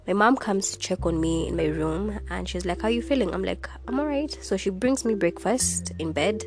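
A woman's voice: fairly low pitch, moderate pace, faint music behind. A young woman hosting her own podcast, candidly telling a personal story in a casual way and laughing between lines. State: sick with fever, lost taste and smell. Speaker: podcast host.

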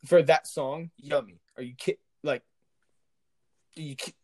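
A man's voice: a little high, steady tone, measured pace, darkish tone. Blunt young man chatting casually. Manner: blunt, slangy, laughs easily. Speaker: podcast co-host. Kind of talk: casual chat.

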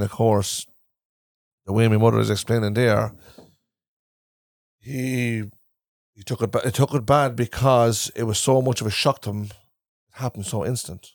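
A man's voice: on the low side, steady tone, moderate pace, vocal fry, pauses often, a little mellow, no echo, clean studio sound. A man with an Irish Traveller accent, a podcast host who rambles and repeats himself while telling family stories in a casual chat recorded in a caravan.

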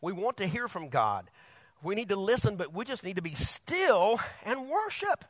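A male pastor preaching a sermon, animated, laughing often and bursting loud on quoted lines. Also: sits high, normal speed, no echo.

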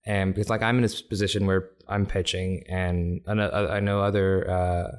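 A man with a fairly low voice, a comedian from Africa, chats as a podcast guest. He talks in bursts with plenty of restarts and frequent laughter. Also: moderate pace, smooth. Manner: animated, laughs often, many restarts. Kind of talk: casual conversation.

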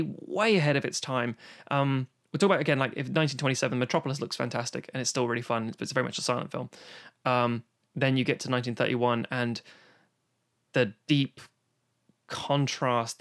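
A man in casual podcast chat about film, animated and profane, acting out quotes as he goes. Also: medium pitch. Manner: animated, swearing, acts out quotes. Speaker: podcast guest discussing films.

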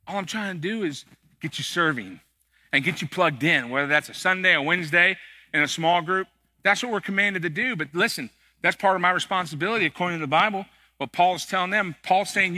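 A middle-aged male pastor preaching in a church, mixing scripture with jokes and playful emphasis. His voice is slightly high and very bright, with a forceful edge when he presses a point. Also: fast talker. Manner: conversational, joking, emphatic. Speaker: executive pastor. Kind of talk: sermon. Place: church sanctuary.

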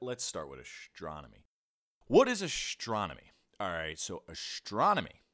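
A man's voice: low voice, fairly bright tone. A man hosting a casual science podcast, laid-back and joking, who often laughs at himself and keeps correcting himself mid-sentence. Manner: frequent restarts and self-corrections. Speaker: podcast host.

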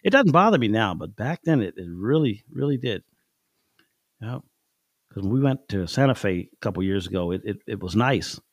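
A man's voice: on the low side, big pitch swings, normal speed, dry recording, clean studio sound. A middle-aged man telling stories from his life in a casual chat, folksy and chuckling, acting out the people in his anecdotes.

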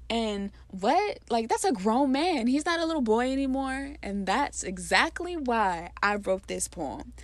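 With no echo on her mid-range voice, a woman talks about a poem she wrote. The monologue is casual and heartfelt, delivered emphatically in passionate bursts with plenty of fillers.

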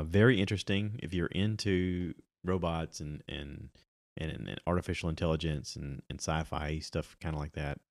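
A man's voice: a bass voice, no echo, studio quality. A middle-aged man chatting casually on his own about movies and podcasts, rambling with many ums and restarts.

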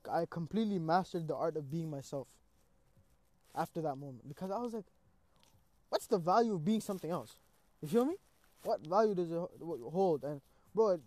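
A man's voice: on the high side, dry recording. A young man in casual conversation, telling a personal story with street slang and lots of "bro", acting out his own reactions. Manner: animated, acts out his own cries.

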